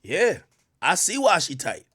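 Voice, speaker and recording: A man doing casual live-stream commentary, reacting to clips and reading out donations, with loud animated outbursts. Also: high voice, a little slow, breathy edge. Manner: animated, loud bursts of laughter and shouting, reads donations.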